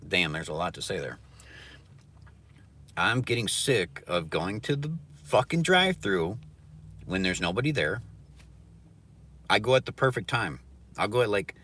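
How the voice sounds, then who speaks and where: Deep-voiced man ranting bluntly. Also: pushed and bright. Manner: profane, blunt and mocking. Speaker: live streamer. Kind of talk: casual ranting monologue. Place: indoors near a mirror.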